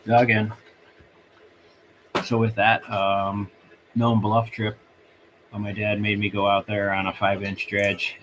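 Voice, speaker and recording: A man hosting a live stream from home, telling a long story in a rambling, halting way and circling back. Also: fairly low pitch, pushed and bright, slight background noise.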